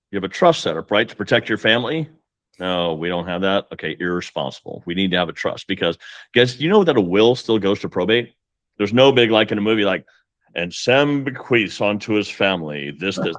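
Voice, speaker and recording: A man's voice: on the low side, animated, brisk, fairly bright tone, dry recording. A man talking as a guest mortgage coach, with an emphatic, pep-talk delivery. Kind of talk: casual podcast conversation.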